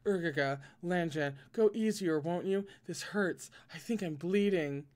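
A man's voice: sits high, measured pace, a little mellow. A man voicing a playful young male cultivator whose lines come out in a pleading, whining tone while reading novel dialogue aloud.

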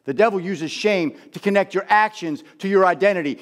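A male pastor preaching, his fairly high voice rising and falling a great deal. He tells the story with emphatic, storytelling energy. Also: expressive, fairly quick, few pauses. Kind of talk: sermon.

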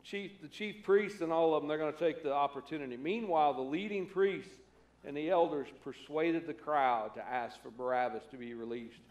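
A man's voice: fairly high pitch, normal speed, echoey room. A man preaching a conversational sermon as pastor, acting out the voices he quotes. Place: church sanctuary.

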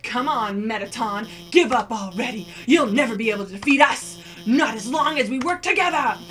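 A woman's voice: a little high, lively intonation, moderate pace, a bit bright, faint music behind. A woman voicing an eager, nerdy female lizard scientist, reading game dialogue aloud.

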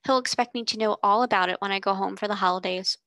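A woman's voice: medium pitch, fairly even intonation, fast talker, sharp tone, no room sound, rough recording. A woman voicing a timid, anxious young schoolgirl in a storybook reading, with a fretful, pleading manner.

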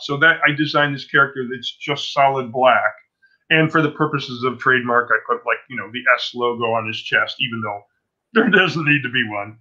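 A man in his sixties talks through his career as an interview guest, his voice cutting and bright. He rambles, doubles back and restarts his sentences as the anecdotes pile up. The recording is muffled and lo-fi. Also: medium pitch, moderate pace. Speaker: comic book artist guest. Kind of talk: casual interview storytelling. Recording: dull lo-fi sound.

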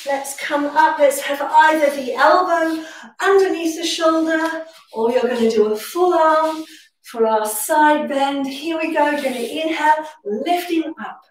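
A woman's voice: sits high, unhurried, slight background noise. A young woman leading a pilates workout, calling breaths and counting reps, a little out of breath. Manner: breath-cued, encouraging counting. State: slightly out of breath. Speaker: pilates instructor. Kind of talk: guided workout instruction. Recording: echoey room, distant mic.

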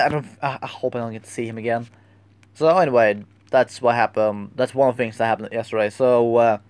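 A young man tells a story in a casual vlog, rambling and halting as he searches for his words. His voice is smooth and clear, and the recording sounds dry and close, with no room echo. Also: medium pitch, a little mellow. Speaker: vlogger.

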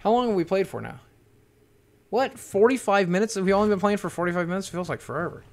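A man giving live gameplay commentary as a streamer, excitable and swearing, panicking and talking to his chat. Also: high-pitched, fast. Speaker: gaming streamer.

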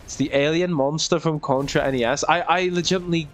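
A man's voice: fairly high pitch, steady tone, fast talker. A young man giving casual, self-mocking commentary while playing a video game, laughing often. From Australia. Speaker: gaming youtuber. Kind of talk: casual let's-play commentary.

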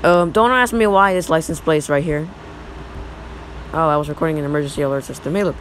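A young male YouTuber in his teens giving rambling, excitable reaction commentary over old photos. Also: fairly high pitch, fast talker, slight background noise, poor audio. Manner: rambling, excitable, repeats "look".

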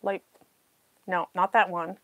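A woman's voice: on the low side, little pitch movement, slow pace, gravelly, a bit bright, no room sound. A woman hosting a casual live-stream puzzle chat, talking to herself as she searches and laughing often. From New Zealand. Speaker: puzzle channel host.

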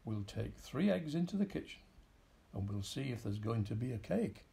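A man voicing a fussy, absent-minded old farmer who grumbles and mutters, with a gravelly voice, in a storybook reading. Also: medium pitch, sing-song, moderate pace, dark tone. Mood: grumbling.

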